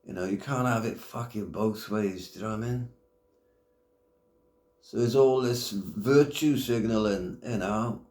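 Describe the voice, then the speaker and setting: Middle aged bloke ranting, swears a lot, lowish voice, roomy echo. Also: male voice, measured pace, a little mellow. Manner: blunt, heavy swearing, blokey slang. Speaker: YouTube commentator. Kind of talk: casual rant to camera.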